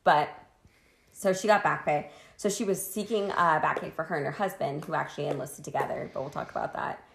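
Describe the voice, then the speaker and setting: A woman's voice: sits low, a little fast, creaky, reverberant, a little hiss or hum. A woman co-hosting a casual podcast chat, telling a history story in a crude, joking way and laughing often, a bit tipsy from wine. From Washington state, US.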